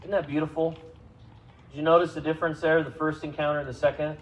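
A man's voice: level tone, fast talker, poor audio. Conversational male pastor preaching a sermon. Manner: conversational, asks the congregation questions, rises in pitch and volume for emphasis. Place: church service.

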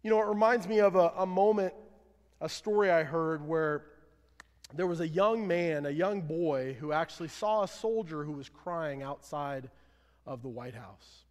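Man preaching, somewhat high voice, earnest, rises and falls, long hall reverb. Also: moderate pace. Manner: earnest preaching, swelling louder then dropping low. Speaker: pastor. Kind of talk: sermon.

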